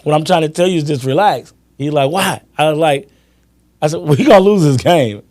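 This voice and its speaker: Animated man telling a sports story. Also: on the high side, brisk. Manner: animated storyteller, acts out friends' lines, laughs often. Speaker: podcast host. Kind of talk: casual sports chat.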